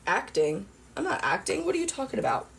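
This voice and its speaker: Rambling, animated woman vlogger at home. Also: medium pitch, fast talker, vocal fry, slight background noise. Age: middle-aged. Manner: rambling, animated retelling with lots of fillers and profanity. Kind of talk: casual storytelling to viewers.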